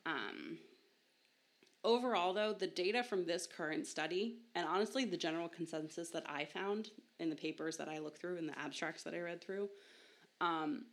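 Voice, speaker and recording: Podcast host: young woman, low pitch, casual and self-mocking, laughs easily. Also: normal speed. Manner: chatty, self-deprecating, laughs often. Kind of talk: casual science podcast talk.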